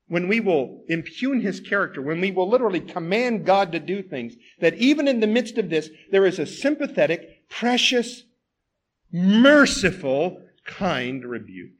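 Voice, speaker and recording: A male preacher delivers a sermon in a fairly high, very animated voice. He presses his points with rhetorical questions. He rises to loud exclamations, then drops to a hush. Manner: emphatic, swings from loud exclamations to hushed tones.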